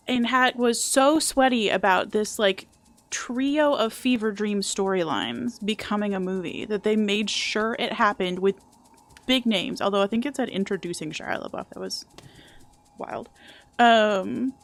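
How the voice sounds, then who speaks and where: A young adult woman streaming a video game, chatting casually and sarcastically and swearing now and then. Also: on the high side. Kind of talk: casual live-stream chat.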